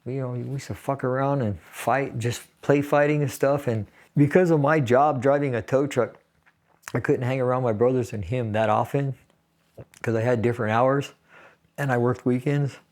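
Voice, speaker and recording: A man's voice: mid-range voice, steady tone, normal speed, darkish tone. A man in his sixties from California, a Navy veteran casually recounting a personal story in an interview and laughing through grim details. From San Fernando Valley, California.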